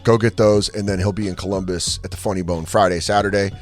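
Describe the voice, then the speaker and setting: A man's voice: deep voice, quick pace, faint music behind. A man from Colorado hosting a podcast, telling stories in a casual, profane way and slipping into voices for the people in them. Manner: animated, profane storytelling with voiced impressions. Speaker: podcast host and comedian.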